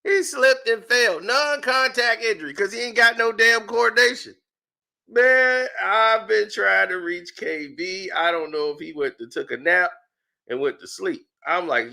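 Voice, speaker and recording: A man rants through casual sports commentary in a mocking, animated way, laughing often. His voice sits very high, with a gravelly rasp and a bright, sharp edge. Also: unhurried.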